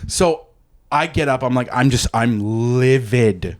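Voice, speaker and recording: A man's voice: mid-range voice, steady tone, moderate pace. A man in his thirties from Canada, hosting a podcast and telling a story in casual, profane chat, acting out the quotes. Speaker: podcast host.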